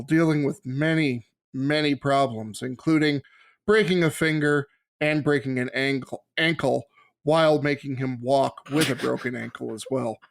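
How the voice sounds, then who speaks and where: A man from Minnesota co-hosting a movie podcast, with a voice pitched a little high for a man. He tells stories in a dry, deadpan, mock-serious way. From Minnesota, USA. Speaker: podcast co-host. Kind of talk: casual movie podcast chat.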